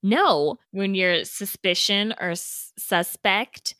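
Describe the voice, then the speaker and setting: A woman's voice: medium pitch, lively intonation, takes it slowly, sharp tone, no echo, clean studio sound. A woman co-hosting a podcast in casual chat, teasing and bickering with her co-hosts. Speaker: podcast co-host.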